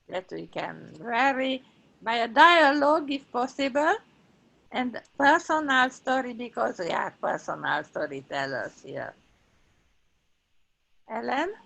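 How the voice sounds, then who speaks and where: A woman running the table topics segment of an online meeting, speaking slowly and deliberately over a video call. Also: fairly high pitch, expressive, gravelly, a bit bright, low-quality recording.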